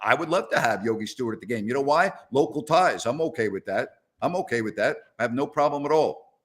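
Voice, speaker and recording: A man's voice: medium pitch, animated, quick pace, a bit bright. A middle-aged man hosts a post-game live stream, ranting and gushing about his viewers. His voice is mid-range and he laughs his way through the riffs. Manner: exuberant, ranting, laughing often. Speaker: host. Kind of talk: excited live-stream banter.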